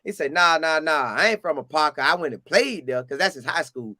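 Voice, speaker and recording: Casting note: animated Southern storyteller, a man with a high voice, recorded dry and close. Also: brisk, dry recording. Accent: Southern US, Florida. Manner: animated, acts out quotes in a higher voice. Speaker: storyteller recounting a game visit. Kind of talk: casual storytelling.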